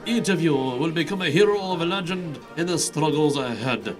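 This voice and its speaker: A man reading the lines of a legendary male hero in a game, speaking formally and solemnly, with a high voice. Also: animated, moderate pace, over music, lightly acted. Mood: proclaiming. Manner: solemn, formal speech-giving. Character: returning legendary male hero, grand and commanding.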